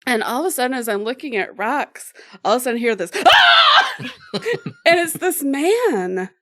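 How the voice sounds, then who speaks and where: At a moderate pace and a slightly high pitch, this podcast co-host tells a story in relaxed chat. She's an animated storyteller who laughs a lot and acts out the characters' voices.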